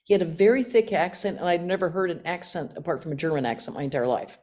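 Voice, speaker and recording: Woman, 60s, American nun, animated storyteller, slightly low voice, self-mocking humor. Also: fast talker. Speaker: guest speaker, nun. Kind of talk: storytelling talk with questions.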